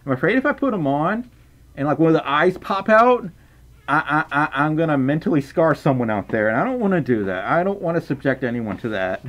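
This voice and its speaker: A man's voice: fairly high pitch, expressive, a little fast, fairly bright tone. A young man chatting casually on a livestream, reading out chat and donations with playful stammers and restarts.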